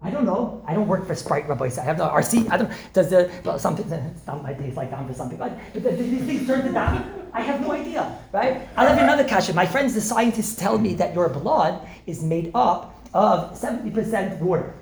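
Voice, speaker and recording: A man, a rabbi, giving an informal holiday talk, animated, firing rhetorical questions and joking with listeners. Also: high-pitched, fairly quick, vocal fry, few pauses. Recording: echoey room with faint noise.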